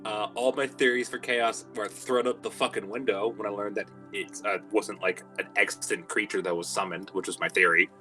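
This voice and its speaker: A man's voice: lowish voice, steady tone, moderate pace, hardly any pauses, sharp tone, faint music behind, poor audio. A man on a streamed game panel, chatting loosely and joking, swearing casually as he talks. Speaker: tabletop game player, panelist.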